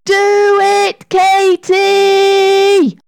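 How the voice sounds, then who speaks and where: A woman voicing a bold, quick-thinking young girl in a storybook reading, urging and bossy. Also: vocal fry, heavily acted. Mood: shouting urgently. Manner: urgent, bossy, high and excited.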